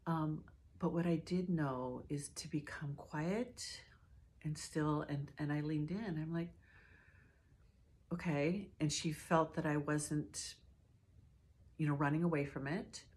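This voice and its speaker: A middle-aged woman, a hospice nurse, telling a personal story in a reflective, halting way with many fillers and restarts. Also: sits low, fairly even intonation, darkish tone.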